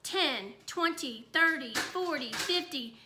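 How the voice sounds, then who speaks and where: A woman's voice: high voice, expressive, slow, noisy background. A woman voicing a bratty, show-off little boy in a storybook read-aloud, with a sing-song, childish way of talking. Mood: reciting.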